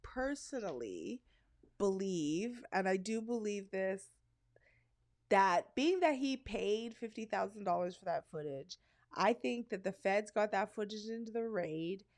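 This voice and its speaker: A woman from Canada co-hosting a podcast, telling stories in a candid, animated, casual way. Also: mid-range voice, a little slow. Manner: candid, animated storyteller who slips into voices. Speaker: podcast co-host. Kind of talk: casual chat.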